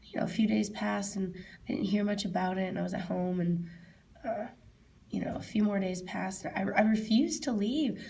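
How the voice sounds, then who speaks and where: A woman answering interview questions, telling a personal memory in a halting way, repeating herself and often dropping to a soft, whispery voice. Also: mid-range voice, gravelly. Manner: halting, repeats herself, quotes her own past words loudly.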